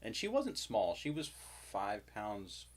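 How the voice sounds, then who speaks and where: A man co-hosting, telling a story in relaxed casual chat with many fillers. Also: fairly low pitch, slow. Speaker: podcast co-host.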